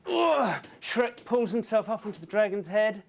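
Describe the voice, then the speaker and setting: A man narrating a storyboard pitch in brisk play-by-play, punctuated with spoken sound effects. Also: a little hiss or hum. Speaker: story artist pitching a scene.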